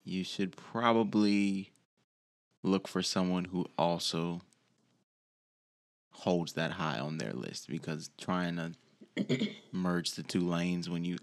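A man's voice: low-pitched, takes it slowly, long pauses. A man in a casual group chat, laid-back and swearing freely.

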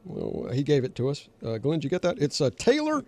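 An older man hosting call-in political talk radio, who gets worked up and pushes his voice higher on emphatic, repeated questions. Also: wildly swooping pitch, fairly quick, a little mellow. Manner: gets fired up, pitch rising sharply on emphatic questions. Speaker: radio talk show host.

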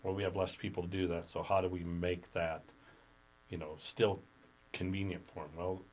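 A man's voice: sits low, level tone, normal speed, a little mellow, low-quality recording. A man guesting on a business podcast, talking casually with lots of fillers. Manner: conversational, many "you know" fillers.

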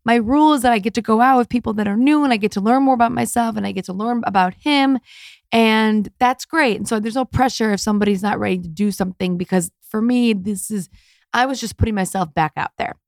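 Candid podcast lady telling dating stories, bit of vocal fry, dry close mic. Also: fairly high pitch, fast talker, no echo. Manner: chatty, candid, animated with quoted voices. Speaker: podcast host. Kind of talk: casual storytelling monologue.

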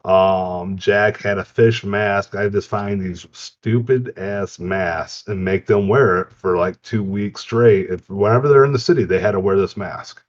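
A man co-hosting a casual podcast, telling relaxed, rambling anecdotes. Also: lowish voice, unhurried, few pauses. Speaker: podcast co-host. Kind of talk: casual chat. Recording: dull lo-fi audio.

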